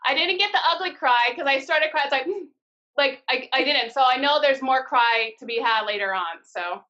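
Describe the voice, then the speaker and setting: Bright, frank woman swearing freely. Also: high voice, normal speed. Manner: candid storytelling with frequent swearing. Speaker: guest, card-deck founder. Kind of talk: casual live-stream interview. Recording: dull lo-fi live-stream audio.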